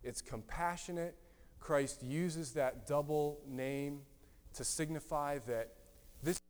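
A man preaching a sermon in an earnest, gently emphatic way, often repeating his words. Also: fairly high pitch, slow. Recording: long hall reverb.

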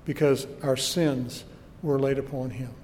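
A man's voice: medium pitch, steady tone, a little slow, a little mellow, in a large hall. A man preaching a sermon with earnest emphasis and rhetorical questions, recorded in a church.

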